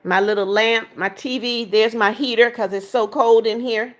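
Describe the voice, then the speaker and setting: A chatty woman with a slightly high voice talks casually into her phone on a livestream. She reads out viewer comments and answers them, walking through her apartment and pointing things out. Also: fairly even intonation, moderate pace. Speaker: livestream host. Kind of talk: casual livestream chat, reading comments aloud.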